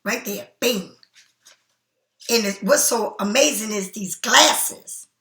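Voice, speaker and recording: A woman's voice: mid-range voice, slow pace, a bit bright, reverberant. A woman giving a casual tarot reading straight to the viewer, repeating herself for emphasis as she offers spiritual encouragement. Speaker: tarot card reader.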